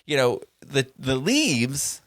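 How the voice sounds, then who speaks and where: A man co-hosting a podcast, chatting casually and telling stories full of quick asides. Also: mid-range voice, big pitch swings, fairly bright tone, dry recording. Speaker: podcast co-host. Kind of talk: casual chat.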